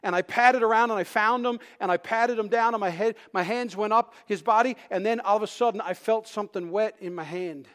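A man preaching a sermon, telling a personal story with animated delivery that swings between loud bursts and hushed tones, sometimes restarting words. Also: high voice, brisk, few pauses. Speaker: pastor.

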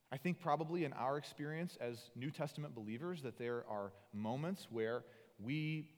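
A man preaching as a pastor, earnest, moving between loud emphatic lines and soft, intimate passages. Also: mid-range voice. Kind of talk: sermon. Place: church sanctuary. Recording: long hall reverb.

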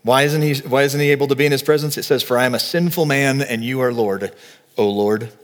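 Pastor preaching in a reverberant hall. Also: male voice, medium pitch, fairly quick. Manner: animated storytelling, acting out quoted voices. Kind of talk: sermon.

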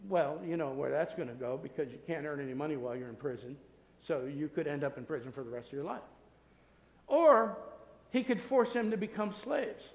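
High-voiced man preaching in an echoey church. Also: dull audio. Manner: earnest preaching, swinging between loud emphasis and soft asides. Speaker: pastor. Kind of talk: sermon. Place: church sanctuary with masked congregation.

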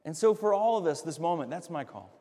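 Earnest preacher man, high voice, hall echo. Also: lively intonation. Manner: earnest, with dramatic swings between loud emphasis and hushed, slow drops. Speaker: pastor. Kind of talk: sermon.

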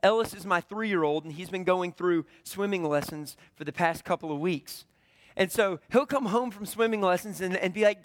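A man's voice: sits high, expressive, a little fast, no room sound, studio quality. A man in his thirties with a Southern US accent, preaching a conversational sermon full of storytelling and acted-out dialogue. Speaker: pastor.

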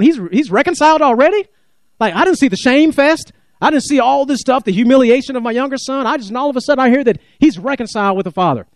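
A man preaching a sermon, animated, acting out biblical speakers and asking the congregation questions. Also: a little high, dry recording, clean studio sound. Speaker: pastor.

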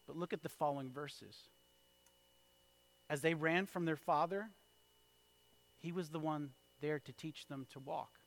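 A man in his thirties preaching a sermon, telling a story with big swings from hushed lines to loud calls. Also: on the high side. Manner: storytelling with wide swings in loudness, from hushed to shouted. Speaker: pastor.

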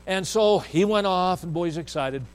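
A man's voice: high-pitched, moderate pace, smooth, rough recording. A man preaching, telling a family story in a folksy way and acting out the voices of the people he quotes. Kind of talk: storytelling sermon.

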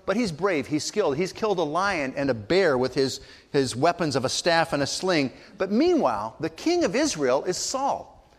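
A man's voice: a little high, sing-song, normal speed, long reverb tail. An older man preaching a sermon, telling family stories and acting out the voices of people in them. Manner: storytelling, acts out voices in quotes. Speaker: pastor.

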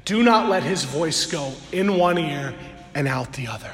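High-voiced man preaching in an echoey hall. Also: animated, fairly bright tone, faint music behind. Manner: earnest, draws out key words slowly for emphasis. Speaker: pastor. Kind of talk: sermon. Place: church sanctuary before a congregation. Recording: echoey hall with long reverb.

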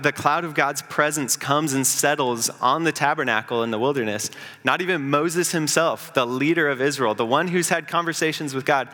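Bright-voiced man preaching in a hall. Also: fairly high pitch. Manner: earnest preaching, builds up and slows for emphasis. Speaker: pastor. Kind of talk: sermon.

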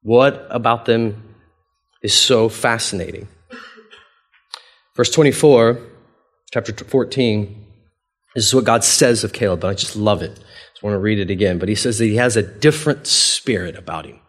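A man's voice: normal speed, long pauses. A man preaching a sermon as pastor, conversational and playful, acting out quoted dialogue with big swings in voice. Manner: animated, acts out quoted dialogue with big pitch jumps; conversational, playful, chuckles often.

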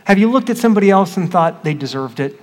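A pastor with a fairly high voice reads scripture and then teaches it in an easy, question-asking way. He is heard in a church hall where his voice rings out with a long reverb. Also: lively intonation, fast, a little mellow. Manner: conversational, asks the congregation questions. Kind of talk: scripture reading and sermon teaching.

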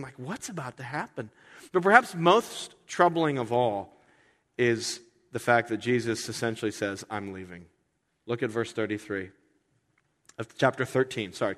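A man in his forties preaching a sermon in a conversational way, breaking into lively acted-out quotes. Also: mid-range voice, normal speed. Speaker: pastor. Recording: long hall reverb.

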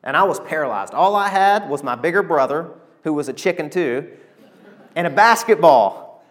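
A man, preaching a sermon and telling stories with animated, emotional delivery. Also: a little high, normal speed. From Arkansas, USA. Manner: animated storytelling preacher, emotional, calls to the congregation. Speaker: pastor.

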